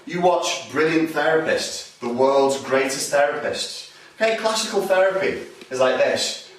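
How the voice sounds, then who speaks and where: Blunt instructor in an echoey room. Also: male voice, fairly high pitch, lively intonation, measured pace, far from the mic. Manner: blunt and profane, acts out bar and door scenes. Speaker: self-defence instructor. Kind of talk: instructional talk with acted examples.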